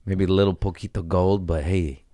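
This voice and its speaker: Deep, dry-sounding profane man. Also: fairly even intonation, brisk, mellow, dry recording. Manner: loose and profane, with trailing restarts. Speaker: podcast host. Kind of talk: casual chat.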